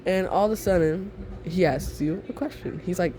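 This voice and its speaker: A young man with a slightly high, mellow voice tells a casual second-person story. He rambles, giggles and fills gaps with ums. Faint noise sits behind him. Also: moderate pace. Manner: rambling, giggly, many fillers.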